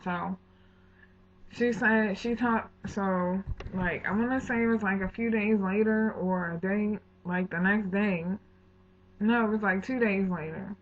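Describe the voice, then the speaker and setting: Speaking at a measured pace in a mid-range voice, a woman vents on her vlog about something that really happened, mixing in slang, profanity, and reenacted dialogue. The audio is tinny, as if from a phone.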